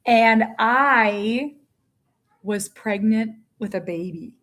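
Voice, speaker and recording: Woman, forties, fairly high voice, playful and teasing, sing-song to a child. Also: drawn-out words, pauses often, a bit bright. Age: 40s. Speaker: mother vlogging. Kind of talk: casual home vlog.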